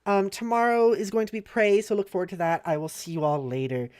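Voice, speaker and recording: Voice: medium pitch, steady tone, brisk, a little mellow. Streamer reading aloud with jokey asides. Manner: reads text aloud with joking asides; chatty, swears casually. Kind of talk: casual live-stream read-through.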